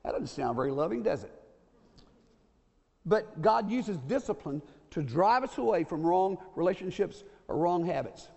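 A man's voice: high voice, big pitch swings, normal speed, vocal fry, a little mellow, husky. A man in his sixties preaching a sermon, folksy, repeating his key points and checking in with the congregation. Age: 60s. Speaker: pastor. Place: church sanctuary. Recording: long church reverb.

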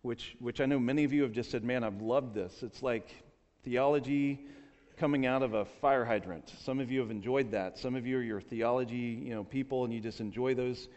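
Male pastor, mid-pitched voice, lively asides to the congregation, long church reverb. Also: fairly quick, lo-fi sound. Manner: lively and self-deprecating, warm asides to the congregation. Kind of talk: sermon. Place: church sanctuary. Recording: long reverb of a large hall.

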